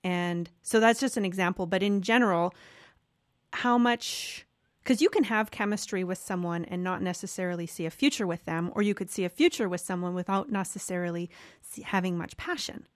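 A woman's voice: lowish voice, brisk, no room sound, clean studio sound. A woman hosting an interview, asking questions with a hesitant, searching manner. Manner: hesitant, many fillers and restarts while asking. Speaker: interview host. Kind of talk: conversational interview.

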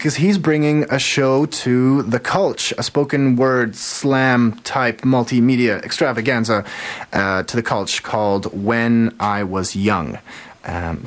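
A man hosting a radio arts show in a studio, talking casually with many fillers and laughing at his own slips. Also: medium pitch. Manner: rambling with many fillers, self-mocking.

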